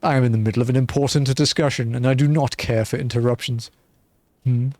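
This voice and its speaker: A man voicing an arrogant male wine baron from a game, speaking slowly with scorn and dismissal. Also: medium pitch, fairly even intonation, a little mellow, dry recording, natural voice. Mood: contemptuous. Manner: scornful, dismissive, slow and deliberate.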